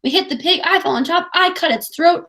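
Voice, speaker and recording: A woman's voice: extremely high pitch, fairly quick, pushed and bright, pitched above the performer's own voice, exaggerated voice. A woman reading as boastful boy hunter Jack. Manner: eager, boastful.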